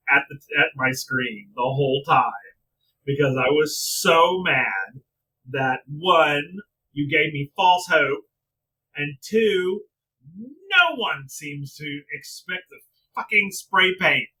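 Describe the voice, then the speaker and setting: Bright-voiced man ranting, off-mic. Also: a little high, unhurried, far from the mic, rough recording. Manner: animated, profane ranting. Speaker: podcast co-host. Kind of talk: casual wrestling review chat.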